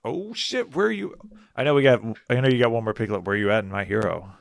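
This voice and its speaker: A man's voice: medium pitch, fast talker, vocal fry. A man co-hosting a comedy podcast who exclaims, swears and laughs a lot. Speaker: podcast co-host. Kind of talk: casual comedic chat.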